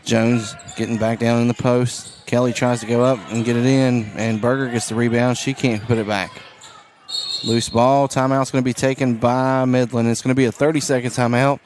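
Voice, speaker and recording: A man with a hoarse, raspy voice calling a high school basketball game live from a school gym, mixing brisk play-by-play with casual asides. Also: little pitch movement, darkish tone, a little hiss or hum. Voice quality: raspy, strained voice. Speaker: play-by-play announcer.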